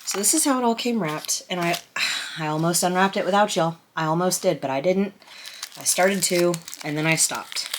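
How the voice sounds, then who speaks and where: Excited, flustered woman vlogger, low-pitched. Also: normal speed, a little hiss or hum. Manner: excited, flustered and rambling, with many restarts; emotional, close to tears. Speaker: tarot vlogger unboxing a deck. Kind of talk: casual chatty unboxing. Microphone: camera on a stand at a table.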